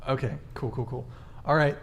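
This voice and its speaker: This is a man hosting a live dating talk show, his voice sitting at a middle pitch. He reads viewer messages aloud and presses his guests with follow-up questions. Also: steady tone, moderate pace, a little hiss or hum. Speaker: host.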